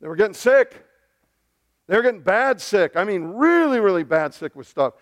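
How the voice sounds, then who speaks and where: A male pastor preaching a sermon to his congregation in a conversational style, dropping to hushed tones and then rising loud and emphatic. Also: high-pitched, sing-song, moderate pace.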